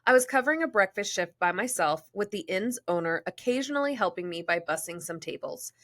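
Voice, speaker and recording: A woman's voice: medium pitch, fairly quick. A woman podcast host reading a listener's story aloud, breaking off to joke and laugh in casual asides. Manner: animated, laughs and jokes between read passages.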